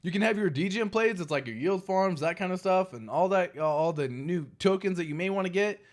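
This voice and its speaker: A man hosting a crypto livestream, talking casually and reading the chat. He is emphatic and animated, swears freely and repeats his points for stress. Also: high-pitched, a little fast.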